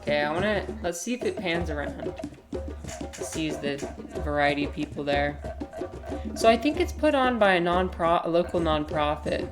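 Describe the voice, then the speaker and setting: A woman's voice: low voice, lively intonation, moderate pace. Chatty streamer woman over background music. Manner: chatty, rambling, swears and laughs easily. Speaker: livestream host. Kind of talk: casual stream chat reacting to footage.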